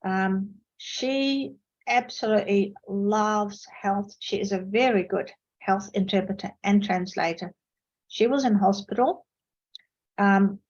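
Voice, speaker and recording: Over a video call, a Netherlands-born woman whose first language is Dutch shares lecture anecdotes in an online seminar on interpreting. Her voice is a little mellow and jumps in pitch for emphasis, while the audio loses its high frequencies.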